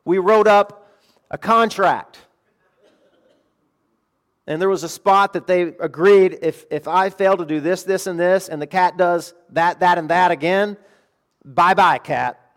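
A middle-aged pastor delivers a sermon in a voice a touch higher than most men's. He speaks earnestly, sinking into quiet confiding stretches and rising to emphatic declarations. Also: fairly even intonation, a little slow.

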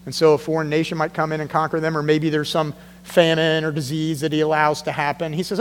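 Guy preaching in a church, high-ish voice, really animated, acts out the quotes, big echoey hall. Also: quick pace, hardly any pauses, a little hiss or hum. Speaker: pastor. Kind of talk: sermon.

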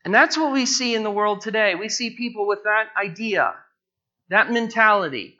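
A man preaching an expository sermon, repeating his phrases and slowing down, his pitch rising as he presses each point home. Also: expressive, pushed and bright. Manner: repeats phrases, slows down and rises in pitch for emphasis. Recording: dull lo-fi recording.

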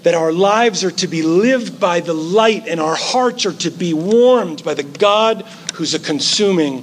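A man's voice: high-pitched, slight background noise. A middle-aged male pastor giving a sermon in a conversational way, with playful asides mixed into the teaching.

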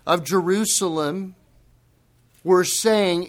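A man delivers a sermon at an unhurried, measured pace. His voice sits high for a man. He leans on words for emphasis and bursts into dramatic exclamations. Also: fairly bright tone. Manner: slow, deliberate emphasis. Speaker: pastor.

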